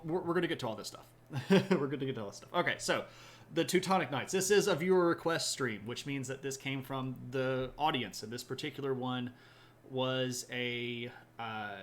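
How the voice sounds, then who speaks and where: A man's voice: medium pitch, a bit bright, slight background noise. A man hosting a live history stream, chatting casually with viewers, full of fillers and restarts. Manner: rambling, many fillers and restarts, laughs at own jokes. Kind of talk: casual chat reading viewer comments.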